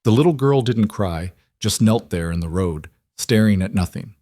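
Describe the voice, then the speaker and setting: A man narrating a western story in a measured, dramatic storytelling manner. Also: fairly low pitch, animated, warm tone, no room sound, studio quality. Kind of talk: scripted narration.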